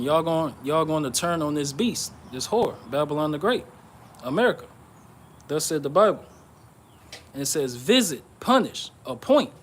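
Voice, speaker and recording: Man, informal bible sermon, fairly high pitch, reads verses then explains, frequent "okay?" check-ins, halting restarts. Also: slight background noise. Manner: reads scripture aloud and explains it, checking with "okay?" and "all right?"; pauses with "uh" and restarts. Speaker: bible teacher.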